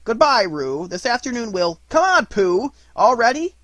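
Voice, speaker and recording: A man reading a storybook aloud, voicing a bossy, self-important rabbit who gives brisk orders. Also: very high-pitched, sing-song, fairly bright tone, no room sound, pitched above the performer's own voice, exaggerated voice.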